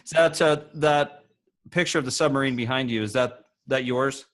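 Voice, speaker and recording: A man's voice: medium pitch, normal speed, fairly bright tone. Upbeat man hosting a casual interview. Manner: upbeat and promotional. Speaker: host.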